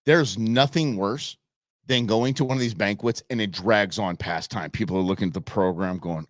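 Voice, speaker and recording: A man's voice: fairly low pitch, normal speed, no room sound, studio quality. A middle-aged man hosting a live outdoors show from his desk, telling stories in a casual monologue and acting out what people said. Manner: animated storyteller acting out quotes. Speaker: show host. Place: home studio at a computer.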